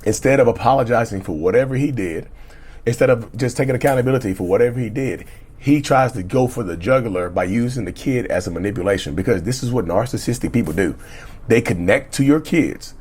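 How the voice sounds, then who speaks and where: A man's voice: mid-range voice, quick pace, darkish tone, slightly rough. A man giving casual commentary as he reads viewer emails aloud and speaks straight to his audience, often repeating words as he goes. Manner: stumbles and repeats words while reading aloud. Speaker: YouTube commentator on narcissistic abuse.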